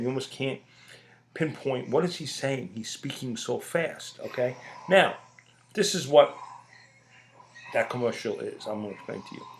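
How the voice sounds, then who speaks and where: A middle-aged man holds forth in a loose, swearing rant. His voice sits at an ordinary pitch for a man. He talks bluntly and circles back to the same lines for emphasis. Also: slight background noise. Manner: blunt, profane, emphatic, repeats points. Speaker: podcast host. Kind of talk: casual ranting monologue.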